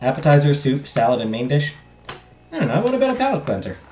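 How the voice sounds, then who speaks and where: A young man gives animated, jokey commentary while he plays a story game. His voice runs fairly high and swings widely in pitch. The sound is echoey, with faint music underneath. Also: fast. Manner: animated, joking, reads game text aloud. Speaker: gaming streamer. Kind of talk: let's play commentary.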